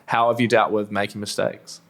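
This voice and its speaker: A man hosting a podcast interview, asking thoughtful questions in a measured way. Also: on the low side, little pitch movement, gravelly, fairly bright tone. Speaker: podcast host.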